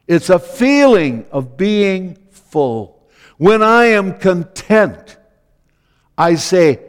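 A man preaching a sermon as pastor, slow and deliberate, repeating key phrases for emphasis. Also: high voice, smooth, long reverb tail.

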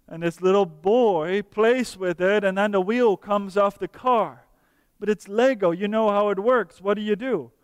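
A man preaching a sermon earnestly, slowing down for emphasis and dropping to soft, quiet tones. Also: high voice, clear, resonant tone, no echo, long reverb tail.

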